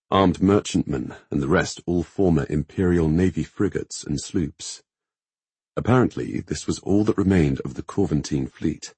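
Very deep, husky male narrator. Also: a little mellow, dry recording. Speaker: audiobook narrator. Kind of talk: scripted fantasy narration.

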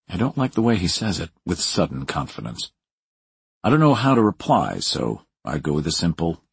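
A man reading a first-person thriller in a deep, very husky voice. His delivery is dry and wry, and his pitch moves a lot. The recording is close and dry. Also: very animated, normal speed, dry recording. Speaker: audiobook narrator.

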